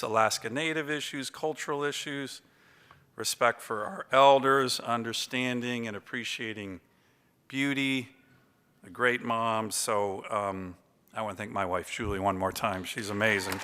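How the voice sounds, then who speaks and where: A man's voice: medium pitch, pushed and bright. A man in his fifties giving an after-dinner award acceptance speech, telling chatty stories with many fillers. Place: large banquet hall. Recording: long reverb of a big hall.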